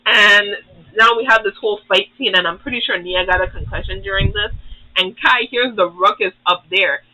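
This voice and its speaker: A young man with a high, very bright voice gives a casual, swear-filled recap of a show, rambling from point to point. The recording is dry and close, with no room sound at all. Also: moderate pace, no echo, low-quality recording. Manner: profane, rambling, acts out characters. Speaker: YouTube host.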